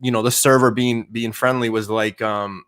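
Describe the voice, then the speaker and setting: A man's voice: medium pitch, fairly even intonation, moderate pace, a bit bright, clean tone. A man from Canada hosting a casual livestream chat, joking and loose with lots of fillers. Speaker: livestream host.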